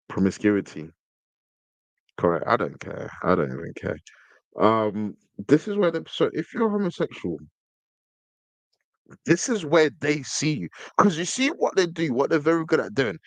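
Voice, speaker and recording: A man talks on his podcast in a casual, emphatic way. His pitch sits at a middle height, and his voice sounds close and dry, with no room echo around it. He often repeats words when he pushes a point. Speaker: podcast host. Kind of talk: casual commentary reading from a screen.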